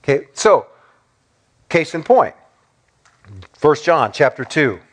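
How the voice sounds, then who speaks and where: A male preacher delivers an animated sermon. His voice sits a bit high and rises and falls a great deal. He keeps asking his listeners rhetorical questions and briefly acts out the people he quotes. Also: slow. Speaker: pastor.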